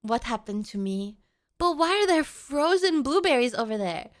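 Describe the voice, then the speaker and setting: A woman's voice: sits high, big pitch swings, moderate pace. A woman streamer chatting casually with her live chat, playful and melodramatic, often pleading with viewers.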